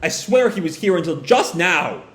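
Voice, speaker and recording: A man's voice: on the high side, very animated, moderate pace, fairly bright tone, pitched above the performer's own voice. Man reading a formal ninja lookout. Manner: formal, respectful. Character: dutiful male ninja lookout. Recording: roomy echo.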